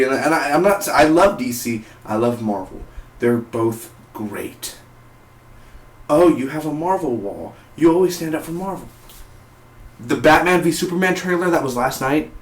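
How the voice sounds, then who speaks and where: Man, TV reviewer, excitable and rambling, mid-pitched voice, roomy echoey recording. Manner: excitable, rambling, stumbles over words. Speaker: TV episode reviewer.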